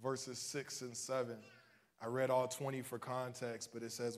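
Guy preaching a sermon online, mid-pitched voice, gets loud and high then drops to near quiet, cracks jokes in between. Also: moderate pace. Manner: animated preaching, swinging from soft asides to loud, high-pitched cries; casual and joking between points. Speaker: minister. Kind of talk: livestreamed sermon.

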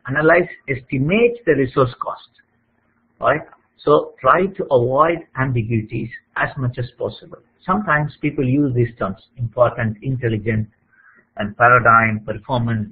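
A man's voice: mid-range voice, slightly rough. A man explaining lecture slides, checking in often with "okay?" and "right?" as he teaches. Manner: plain teaching tone with frequent "okay?" check-ins. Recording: tinny phone-like audio.

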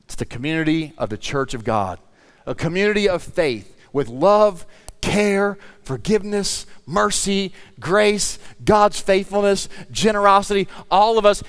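A man preaching a sermon as guest pastor, telling a story with lively acted-out voices and then leading a quiet prayer. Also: high voice, unhurried, smooth. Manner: storytelling, acts out voices, shifts into soft prayer.

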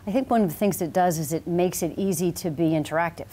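A woman professor being interviewed in a TV studio, explaining her teaching methods in a measured, confident way. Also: lowish voice, mellow. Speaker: business professor, guest.

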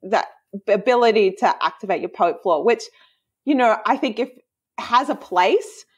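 A woman in her thirties, chatting casually as a podcast guest and telling a story in a lively, giggly way with many fillers. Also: a little high, moderate pace, husky, dull audio. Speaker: guest, osteopath and movement coach.

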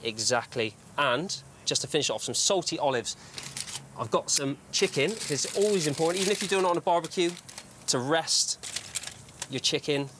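Brief: chatty man in his thirties, TV cooking slot, slightly raised pitch, faint studio hum. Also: lively intonation, moderate pace. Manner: chatty, upbeat, giving tips. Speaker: TV chef. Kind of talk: cooking demonstration. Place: TV studio kitchen.

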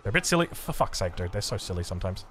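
An Australian man commentating his own strategy game as he plays, excitable and foul-mouthed, jumping from yelling at his units to muttering about his mistakes. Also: sits low, racing. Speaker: gameplay streamer. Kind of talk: live gameplay commentary.

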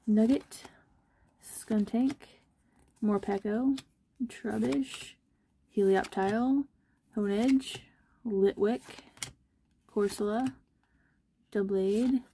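Bubbly young woman vlogger, mellow voice. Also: mid-range voice, slow, long pauses, slight background noise. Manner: bubbly, chatty, self-deprecating. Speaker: card-opening vlogger. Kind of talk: casual chat while opening card packs.

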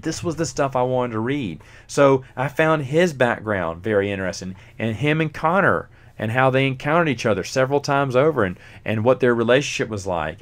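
Brief: male podcast host, mid-range voice, loose and chatty, many ums. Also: mid-range voice. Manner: rambling, lots of fillers, chuckles often. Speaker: podcast host reviewing a book. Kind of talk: casual solo podcast chat.

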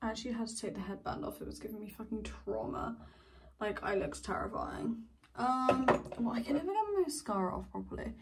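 A woman's voice: on the high side, brisk, recorded from a distance, slight background noise. Rambling young woman vlogging at home. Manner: rambling, swears casually, trails off. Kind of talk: casual chatty vlog talk. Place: home, indoors.

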